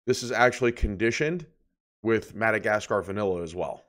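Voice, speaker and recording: A man from New Jersey with a fairly low voice, talking a little fast, co-hosts a casual beer review podcast. Relaxed, he rambles through tasting descriptions full of filler words.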